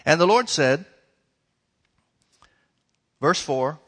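A male pastor in full sermon, his voice sitting a little high as he leans on key words and speaks to his congregation in plain, folksy terms. His voice carries a long reverb, as if filling a big church sanctuary. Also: expressive, normal speed, pauses often, fairly bright tone. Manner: emphatic preaching that stretches key words, folksy asides to the congregation. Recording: long reverb of a large hall.

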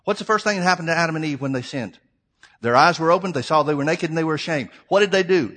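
A middle-aged preacher, his voice a bit higher than most men's and slightly bright, talks quickly as he shifts between reading scripture and explaining it plainly. He often poses rhetorical questions and addresses the congregation as "folks."

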